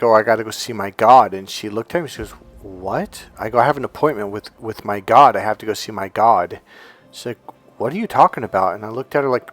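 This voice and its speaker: A man talking as a life coach, telling stories and pressing his points through emphatic repetition in a casual motivational monologue. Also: mid-range voice.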